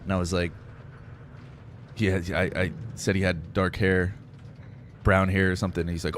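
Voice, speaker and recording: A young man streams a game and chats casually, rambling in a laid-back way with plenty of "like" and "dude." His voice is low and fairly bright, with a level tone, normal speed and frequent pauses. There's a little hiss or hum in the recording.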